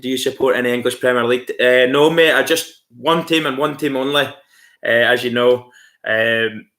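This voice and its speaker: A Scottish man talks loosely and warmly to his livestream audience, calling them mate and laughing along. His voice sits in a middle pitch with a bright, forward edge. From Scotland. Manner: friendly and chatty, calls viewers mate, laughs often. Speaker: livestream host. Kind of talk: casual chat reading out viewer comments.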